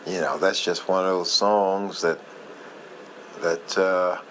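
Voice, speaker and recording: A man with a fairly low voice talks very slowly, reminiscing in a casual, heartfelt monologue. He rambles and halts, often losing his thread as he goes. A faint hiss sits under his voice. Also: fairly even intonation, fairly bright tone, rough recording. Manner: heartfelt, moved by the memory. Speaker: vlogger sharing memories.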